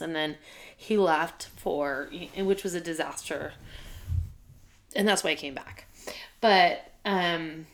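A woman with a lowish, gravelly voice speaks candidly about her work at a school. She talks in a heartfelt, unpolished way, full of fillers and restarts, and sounds close to tears at times. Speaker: school teacher and administrator. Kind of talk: emotional personal storytelling.

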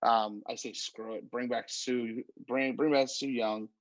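A man co-hosting a wrestling podcast, walking through the matches in easy casual chat. He talks slowly and unhurriedly, with plenty of fillers and restarts. His voice is recorded dry and close, with no room sound. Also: mid-range voice, fairly even intonation, no echo, low-quality recording.

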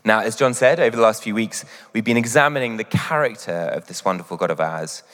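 A man's voice: fairly low pitch, brisk, fairly bright tone, in a large hall. A man giving a short sermon in a church, humorous and self-deprecating, with many hesitant fillers. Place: church hall.

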